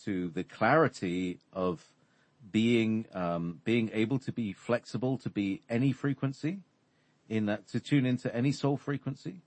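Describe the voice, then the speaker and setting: Male spiritual teacher, low voice, hesitant and meandering, dry close sound. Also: a little mellow, no room sound. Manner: hesitant, halting, many fillers. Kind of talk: explanatory conversation.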